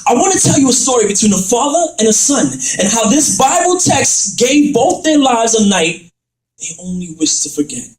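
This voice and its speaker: A man performing dramatic spoken word poetry, rhyming and building up to shouts. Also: very high voice, very animated, moderate pace, faint music behind. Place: church. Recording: echoey room, far from mic.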